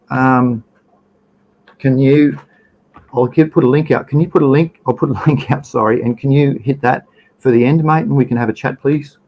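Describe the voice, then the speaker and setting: A man's voice: medium pitch, darkish tone, slightly rough, poor audio. An Australian man hosting a casual livestream, rambling through slides, trailing off and restarting, greeting viewers in chat. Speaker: livestream host.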